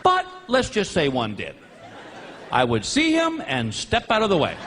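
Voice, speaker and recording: Crowd noise fills the live stage recording of a man doing stand-up comedy for an audience. His delivery is high and swooping, measured in pace, built on animated storytelling punctuated by shouted punchlines.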